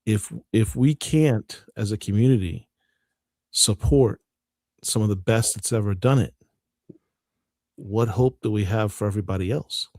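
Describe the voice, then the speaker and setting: A man's voice: lowish voice, a little slow, long pauses, mellow, dry recording, clean studio sound. A male podcast co-host in casual chat, speaking earnestly and building with feeling.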